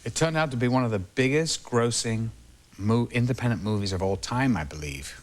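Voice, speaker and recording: A man, a talk show guest telling lively anecdotes and trailing off between phrases. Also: mid-range voice, a little fast. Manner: animated, trails off, acts out the people he quotes. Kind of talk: anecdotal storytelling.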